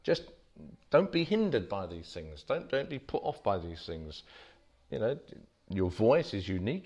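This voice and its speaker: A man's voice: medium pitch, a little mellow. A man gives an informal teaching talk to a small audience as a street preacher, telling stories about himself in a self-deprecating, anecdotal way. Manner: self-deprecating, anecdotal, with frequent restarts and chuckles. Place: meeting room with a small audience.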